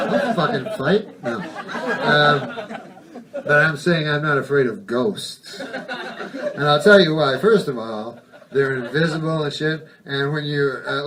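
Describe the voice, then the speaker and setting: A male stand-up comedian doing a rambling, profane routine that keeps interrupting itself. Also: on the high side. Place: comedy stage before a live audience. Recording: distant mic with audience laughter.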